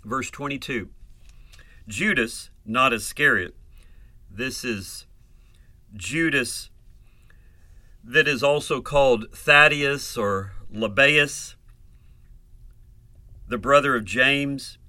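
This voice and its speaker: A man preaching a Bible lesson verse by verse, slow and deliberate, asking rhetorical questions and answering them himself. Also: medium pitch, pushed and bright, no echo.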